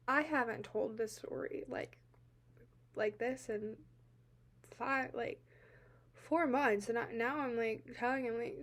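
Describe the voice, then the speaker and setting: A young woman telling a personal account to camera, halting and teary-eyed, full of filler words, swinging between quiet and loud. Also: fairly high pitch, fairly even intonation. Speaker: vlogger.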